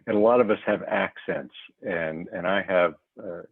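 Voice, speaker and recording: A man with a Southern US accent speaking up in an online workshop, earnest and a bit halting, often repeating his words. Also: low-pitched, breathy edge, no room sound. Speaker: workshop participant. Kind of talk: casual sharing in an online workshop. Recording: tinny phone-like video call audio.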